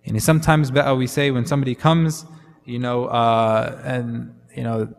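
A man's voice: mid-range voice, level tone, moderate pace, vocal fry. A man preaching a sermon in a conversational way, often slipping in Arabic fillers. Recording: long hall reverb.

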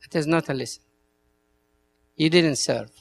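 A man's voice: fairly high pitch, unhurried, gravelly, a little hiss or hum. A male priest with an Egyptian Arabic accent, a native Arabic speaker, giving an earnest talk to church servants and telling stories in broken English.

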